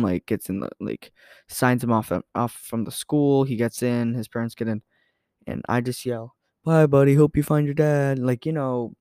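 A man's voice: medium pitch, a little mellow, clean tone, dry recording. Young male podcaster, rambling casual storyteller, dry recording. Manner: rambling, filler-heavy, self-correcting. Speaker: podcast host.

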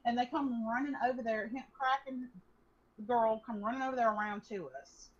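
A young woman casually telling an animated story to a friend, swearing freely. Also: fairly high pitch, a little fast. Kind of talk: casual chat. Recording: dull lo-fi recording.

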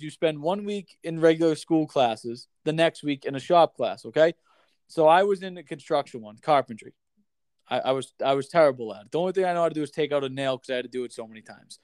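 Chatty man telling a story, slightly high voice. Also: no echo. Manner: animated, swears freely, heavy use of "like" and "dude". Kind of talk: casual storytelling chat.

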